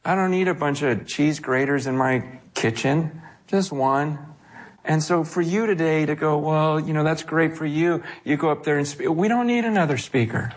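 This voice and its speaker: A man preaching a sermon, animated, acting out quoted voices, often repeating himself as he restarts. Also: a little high, normal speed. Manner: frequent self-corrections and repeated words. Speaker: pastor.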